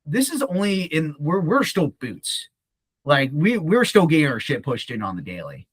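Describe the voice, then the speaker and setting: A young man telling a profane, animated story in casual talk, often acting out the voices of others. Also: a little high, moderate pace, husky, dry recording. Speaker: podcast guest.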